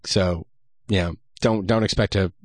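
A man's voice: low voice, steady tone, unhurried, dry recording. A man hosting a casual gaming podcast, rambling with many restarts and casual swearing. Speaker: podcast host. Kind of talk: casual chat.

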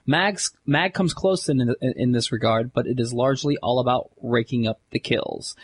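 A man co-hosting a gaming podcast, reading listener emails aloud in a brisk, jokey way. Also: mid-range voice, a little hiss or hum. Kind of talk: casual chat and reading aloud.

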